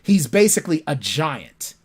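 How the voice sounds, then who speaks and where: Male author guest, animated storyteller in casual interview chat. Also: a little high, normal speed, slightly rough. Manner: animated storytelling, acts out his characters.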